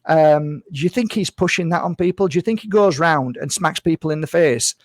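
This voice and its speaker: Earnest, rambling man with a higher voice. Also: a little fast, no room sound, studio quality. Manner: earnest and rambling, repeats phrases, addresses viewers as guys. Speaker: spiritual healer and vlogger. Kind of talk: casual talk to camera.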